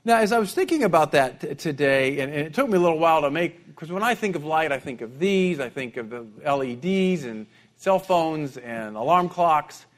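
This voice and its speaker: High-voiced conversational male preacher. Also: lively intonation, moderate pace. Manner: conversational, repeats words when restarting. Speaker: pastor. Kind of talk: sermon.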